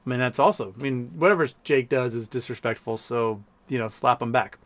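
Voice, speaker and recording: A man's voice: medium pitch, brisk, fairly bright tone. A man hosting a loose livestream, talking off the cuff in a mid-range voice. He wanders from thought to thought and breaks into laughter often as he reads viewer comments. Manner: rambling, laughs often, mimics people in quotes. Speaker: livestream host. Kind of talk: casual livestream chat reading super chats.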